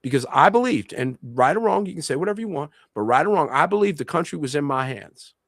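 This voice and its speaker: A man's voice: fairly high pitch, animated, quick pace, fairly bright tone, no echo. Middle-aged Puerto Rican man, co-host and minister, emphatic testimony, dry close sound. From Puerto Rico. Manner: passionate, emphatic, repeats key phrases. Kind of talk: religious discussion with personal testimony.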